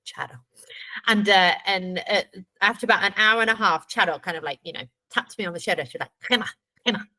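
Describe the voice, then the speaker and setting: A woman's voice: on the low side, bright, forceful tone, rough recording. Chatty British woman telling stories. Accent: British English. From Britain. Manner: chatty anecdotal storyteller, quick to laugh. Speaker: guest, life coach. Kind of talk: casual conversation.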